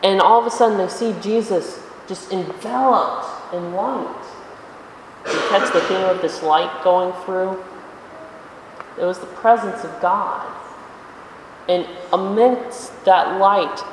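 A preacher giving a conversational sermon in a church, asking rhetorical questions and slowing down for emphasis. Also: mid-range voice, fairly bright tone, far from the mic, a little hiss or hum. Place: church sanctuary. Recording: echoey hall, voice from afar.

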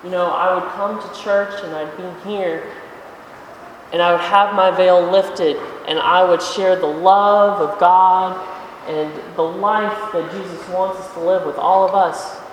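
A preacher delivering a sermon in a relaxed, conversational way, posing questions to the congregation and stretching out key words. The voice sits at a middle pitch and is picked up from some distance in a large church, with a long, roomy reverb. A faint background hum lingers under the speech. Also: muffled recording. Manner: conversational, with rhetorical questions and slowed emphasis. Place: church sanctuary. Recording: echoey hall, voice from afar.

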